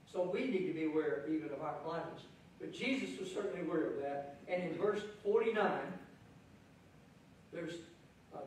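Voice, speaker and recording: Man, pastor preaching, high voice, heard from a distance in a very echoey church. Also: a little hiss or hum. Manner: animated preaching, acting out the crowd in raised voice. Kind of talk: sermon. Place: church sanctuary. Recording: echoey church hall from far off.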